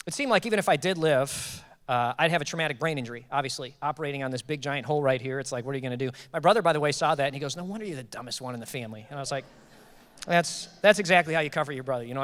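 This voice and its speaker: A man in his thirties preaching a sermon as pastor, telling a personal story with jokes and lively quoted dialogue. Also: on the high side, quick pace, smooth. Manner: animated, joking, quotes people in raised voices. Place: church auditorium. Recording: long hall reverb.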